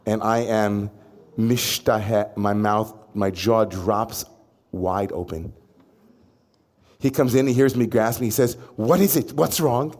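Animated male rabbi telling a story. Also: on the low side, slow. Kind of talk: personal storytelling.

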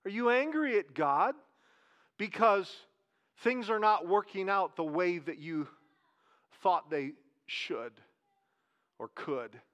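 High-voiced pastor preaching conversationally. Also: male voice, animated, a bit bright. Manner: conversational preaching, asks the congregation questions, slows down for emphasis. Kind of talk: sermon.

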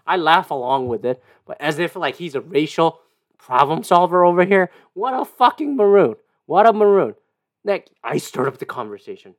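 A podcast host ranting casually and profanely, with heated, animated outbursts. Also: male voice, high voice, fairly quick, dry recording, studio quality. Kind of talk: casual solo podcast rant. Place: lives in a city condo.

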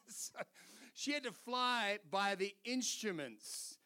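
Aussie pastor preaching, high bright voice, lively storyteller, laughs a lot. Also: male voice, slow. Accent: Australian. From Australia. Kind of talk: sermon.

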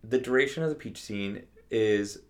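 A man with a fairly low voice chats about a film on a casual podcast. He is easygoing, laughs along with his co-host, and hedges a lot as he works through his thoughts. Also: moderate pace.

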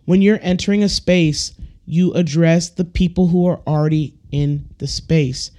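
A man's voice: on the high side, dark tone. A man hosting a casual solo podcast, ranting bluntly and profanely, and now and then acting out the people he quotes. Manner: acts out quoted people with shifts in voice. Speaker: podcast host.

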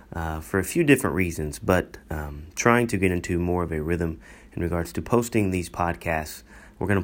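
Deep-voiced man hosting a marriage podcast. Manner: calm, earnest, repeats key points, frequent "uh" fillers. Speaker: pastor and marriage podcast host. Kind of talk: solo podcast teaching.

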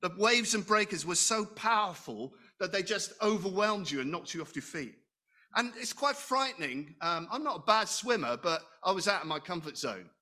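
With a voice that sits high, bright and forceful with lively intonation, a middle-aged man preaches at a moderate pace. His sermon feels like a conversation as he asks the congregation questions and teases himself.

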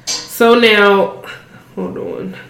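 A woman's voice: medium pitch, sing-song, drawn-out words, a bit bright, faint music behind. Blunt, profane woman in a roomy echo. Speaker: podcast co-host. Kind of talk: casual chat.

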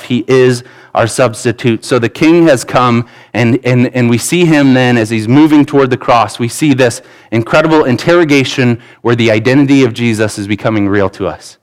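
A man's voice: mid-range voice, poor audio. A pastor in his thirties preaching a sermon in an earnest, conversational way, with asides and restarts.

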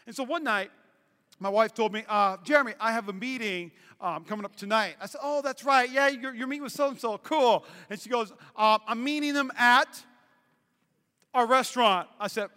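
Pastor, male, animated storyteller; high bright voice, church hall reverb. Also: fairly quick. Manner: animated storytelling with playful asides. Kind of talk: sermon. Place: church sanctuary.

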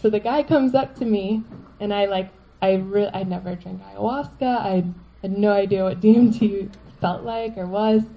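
A woman telling a personal story to a live audience, animated and laughing, full of "like" fillers. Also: mid-range voice, normal speed, few pauses, lo-fi sound.

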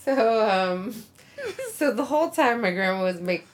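A woman's voice: mid-range voice, lively intonation, measured pace. A woman casually telling a long, rambling personal story with many likes and ums, laughing along the way. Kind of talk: casual chat.

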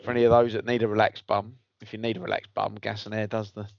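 A man's voice: on the low side, flat delivery, fast talker, vocal fry, no echo. A man cracking crude jokes and laughing in casual banter with friends. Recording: dry, dull lo-fi sound.

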